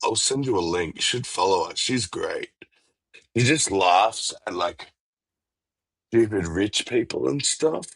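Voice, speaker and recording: Man, casual chat, relaxed and swearing, unhurried, dry sound. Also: lowish voice, creaky, breathy edge, no echo. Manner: relaxed, profane, laughs often.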